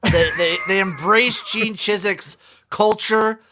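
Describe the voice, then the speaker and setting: A man hosting a casual sports podcast, running through scores with wry, deadpan remarks. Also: high voice, slow. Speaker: podcast host.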